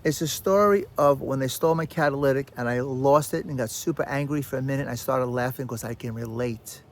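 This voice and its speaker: A man hosting a podcast, telling stories in a loose, animated self-help monologue that repeats phrases and talks straight to the listener. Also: medium pitch, fairly quick. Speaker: podcast host.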